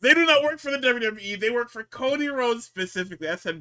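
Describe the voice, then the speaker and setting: A man with a high, bright, forceful voice that swings widely in pitch, co-hosting a casual wrestling recap. He talks profanely and acts out each quote with big shifts between low mutters and loud outbursts. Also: lively intonation, quick pace. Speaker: podcast co-host.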